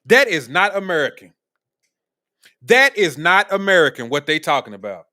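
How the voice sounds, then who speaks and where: A man's voice: fairly high pitch, big pitch swings, moderate pace, pushed and bright. A man hosting a live political commentary stream, talking in a blunt, profane, combative way. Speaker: streamer host.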